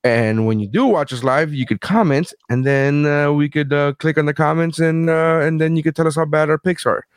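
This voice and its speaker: A man's voice: a little high, normal speed, clear, resonant tone. A man hosting a casual podcast, rambling and joking with lots of swearing. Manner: profane, rambling, joking rants. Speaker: podcast host.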